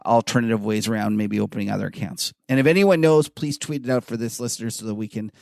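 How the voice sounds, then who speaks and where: A man co-hosting a markets podcast in casual, animated chat, full of "like" fillers. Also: fairly low pitch, fast, creaky, no room sound, clean studio sound. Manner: animated, chatty, many "like" fillers. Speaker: podcast co-host.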